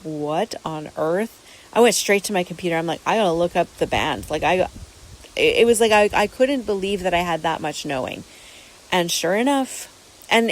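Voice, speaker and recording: A woman's voice: on the low side, rough recording. A woman hosting a podcast, telling a personal story casually in an earnest, rambling way, with many repeated words and restarts. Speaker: podcast host.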